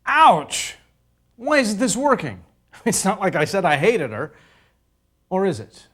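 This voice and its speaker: A man's voice: high-pitched, wildly swooping pitch, a little slow, a bit bright, slightly rough. A man giving scripted narration for an educational video, playful and theatrical in his emphasis.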